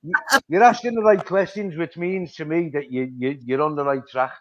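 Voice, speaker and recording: A middle-aged man with a Liverpool accent holds forth on a live stream, blunt and sweary, circling back over his own points. His voice sits a little high for a man. The audio is dull and lo-fi. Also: fairly even intonation, normal speed, a crowd in the background. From Liverpool, England. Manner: blunt, sweary, repeats himself. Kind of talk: casual live chat.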